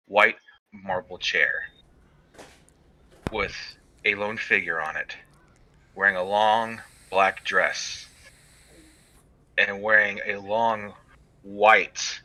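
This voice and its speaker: A man narrating a tabletop game as game master, describing scenes in slow detail with fillers. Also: lowish voice, sharp tone, rough recording.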